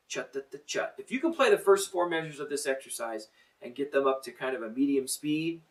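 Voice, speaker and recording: A middle-aged man teaches a drum lesson, coaching in an encouraging, plain-spoken way at a middle pitch. He counts the student in and explains each step. The mic sits a little away from him. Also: distant mic, very noisy.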